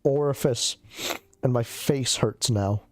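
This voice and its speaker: A man's voice: medium pitch, takes it slowly, no room sound, faint music behind. A man streaming a casual chat while sick. He coughs, sounds loopy and rambles, swearing a lot.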